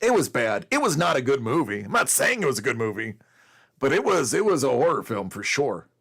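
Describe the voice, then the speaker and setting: A man's voice: medium pitch, sing-song, brisk, gravelly, fairly bright tone, husky. A man in his forties, host of a collecting show, telling a rambling story in casual chat with lots of fillers.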